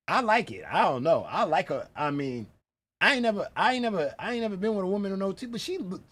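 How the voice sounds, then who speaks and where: A high-voiced man reacts animatedly to stream clips in a casual way, frequently calling out "bro" as he talks directly to viewers. The recording is dry.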